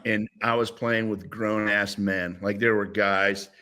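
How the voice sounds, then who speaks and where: A man's voice: lowish voice, a little slow. A man in his sixties, a former football player, telling stories as a guest in a casual interview. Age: 60s. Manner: animated, rambling with restarts.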